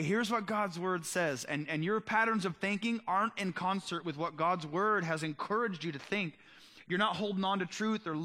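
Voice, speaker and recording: A male pastor preaching a sermon in an earnest, conversational way, often slowing down for emphasis. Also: fairly high pitch, sharp tone.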